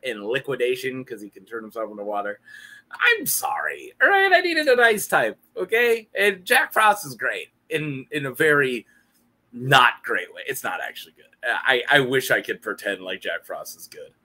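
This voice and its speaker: A man's voice: medium pitch, animated, moderate pace, sharp tone. A young man hosting a casual, joking video chat, who laughs often and banters with himself. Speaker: YouTube host.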